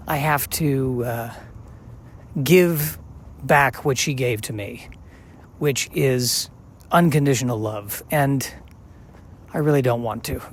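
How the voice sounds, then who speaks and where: A man's voice: medium pitch, a little hiss or hum. Musing forty-something man walking outdoors. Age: 40s. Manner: musing, self-questioning, halting with restarts. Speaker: podcast host. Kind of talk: casual rambling monologue while walking outside.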